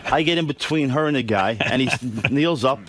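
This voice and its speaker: A man's voice: mid-range voice, normal speed, fairly bright tone. A middle-aged man telling a brash story as a radio show guest, swearing freely.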